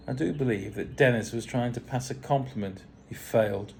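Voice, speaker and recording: A man's voice: mid-range voice, moderate pace, a little mellow, slight background noise. A man narrating his own story in the first person, with dry, wry understatement. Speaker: audiobook narrator.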